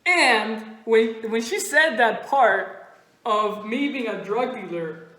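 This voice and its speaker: A woman doing stand-up, telling a story in an animated way and laughing often. Her first language is Spanish. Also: fairly high pitch, slow pace, heavy reverb, poor audio. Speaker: stand-up comedian. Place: comedy club stage.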